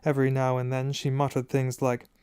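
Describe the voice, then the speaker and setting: Man reading a storybook, dry and smooth. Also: mid-range voice, no room sound. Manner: measured, expressive storytelling. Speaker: audiobook reader. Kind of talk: audiobook narration.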